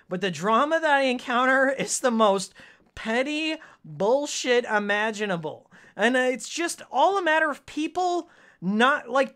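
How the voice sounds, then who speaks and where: A man's voice: extremely high pitch, fairly bright tone. A man streaming a video game, chatting casually with his viewers in a heated, sarcastic rant with frequent laughs. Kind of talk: casual live-stream chat while playing.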